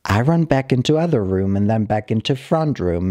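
A man calmly reading a short story aloud, narrating in the plain, halting voice of a dog. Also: mid-range voice. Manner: calm, measured reading of a dog's broken-English narration. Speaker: story reader.

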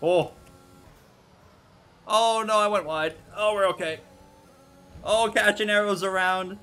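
A young man commentating his own online racing game, excitable, yelping and groaning as the race goes wrong. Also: high voice, takes it slowly, clean tone, faint music behind. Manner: excitable, yelps and groans at crashes. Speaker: gaming YouTuber.

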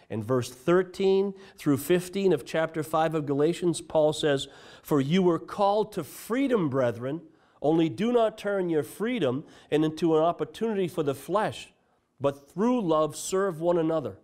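A man with a somewhat high, darkish voice preaches a sermon as pastor in a church. He reads scripture aloud, stressing key phrases with earnest emphasis.

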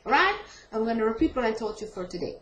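A woman giving a casual online language lesson, hesitating often with ums and self-corrections and repeating each word slowly for her students. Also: fairly high pitch, big pitch swings, a bit bright. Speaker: language teacher. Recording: echoey room with faint ambient noise.

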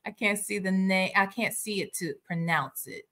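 A woman with a medium-pitched voice and moderate pace hosts a casual reaction livestream. She's animated and blunt with her viewers, and the profanity flows freely.

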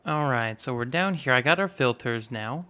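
A man in his twenties with a slightly raspy voice, casually narrating a building game and rambling as he goes. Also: mid-range voice, animated, normal speed, bright, forceful tone. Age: 20s. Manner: rambling, self-teasing, narrates each step aloud. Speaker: gaming YouTuber. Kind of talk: casual Minecraft let's play commentary.

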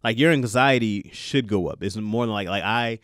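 A man's voice: lowish voice, moderate pace, no room sound, studio quality. A man, a new father and comedian, talking casually and animatedly, swearing and laughing often. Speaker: new father giving advice. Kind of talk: casual monologue.

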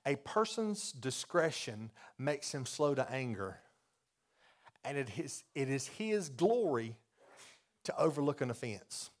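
A pastor preaching a folksy, confessional sermon that builds to loud, repeated emphasis. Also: male voice, medium pitch.

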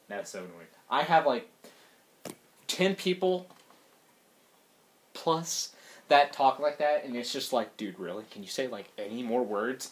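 A woman vlogging at home on a handheld camera, rambling casually, swearing often, jumping between loud yelling outbursts and low muttering. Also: expressive, normal speed. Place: at home, walking through rooms.

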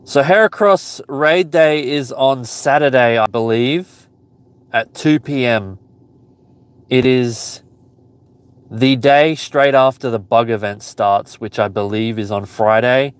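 A man's voice: mid-range voice, takes it slowly, clean tone. A man streaming a live mobile game outdoors, chatting casually, teasing and reading the chat aloud. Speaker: Pokemon GO streamer.

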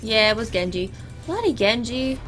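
A woman's voice: a little high, animated, moderate pace, fairly bright tone, soft background music. A young woman, chatting and exclaiming as she comments live on her own gameplay. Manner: chatty, exclaiming at the game, laughing. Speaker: gaming YouTuber.

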